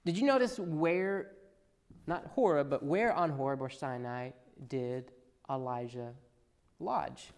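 A man preaching a sermon, swinging between loud emphatic passages and hushed asides. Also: a little high, slow, smooth. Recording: long reverb in a large hall.

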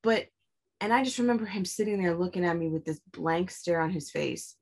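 A young woman with a slightly low voice tells a personal story in casual conversation. She is blunt and emphatic and swears freely as she drives her points home. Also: brisk, creaky.

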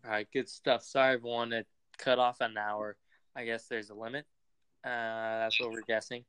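A young man co-hosting a podcast, chatting casually and excitedly about a basketball game, slangy and swearing freely. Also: medium pitch, moderate pace, smooth, no room sound. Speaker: podcast co-host. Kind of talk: casual sports chat.

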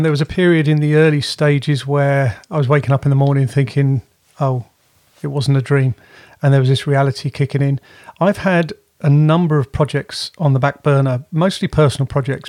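A man's voice: fairly high pitch, steady tone, brisk, darkish tone, no room sound, clean studio sound. A man co-hosting a podcast from home, chatting in a rambling way and often correcting himself. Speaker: podcast co-host. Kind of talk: casual chat.

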